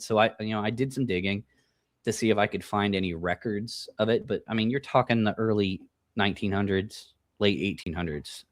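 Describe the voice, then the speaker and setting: A man's voice: on the low side, fairly quick, no echo, studio quality. A man with a Midwestern American accent, co-hosting a paranormal podcast, telling stories in a laid-back way, swearing and laughing often. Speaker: paranormal investigator and podcast co-host. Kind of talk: casual chat.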